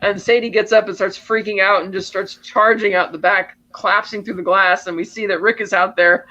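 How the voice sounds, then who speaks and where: A man's voice: high-pitched, steady tone, fairly quick, bright, forceful tone, highs cut off. A man co-hosting a podcast, animatedly retelling film scenes step by step and acting out the lines. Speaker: podcast co-host. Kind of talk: casual film discussion.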